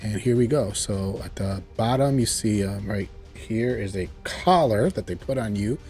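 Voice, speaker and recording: A man's voice: on the low side, moderate pace, a little mellow, soft background music. A man giving a casual, chuckling recap of a TV episode as he loosely paraphrases its dialogue. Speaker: TV show reviewer.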